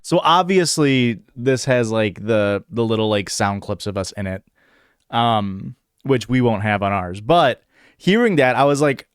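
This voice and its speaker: A man's voice: mid-range voice, lively intonation, unhurried, clear, resonant tone, no room sound, faint music behind. A man hosting a podcast in a casual livestream chat, rambling and hesitant, full of "like" and "um" fillers. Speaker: podcast host.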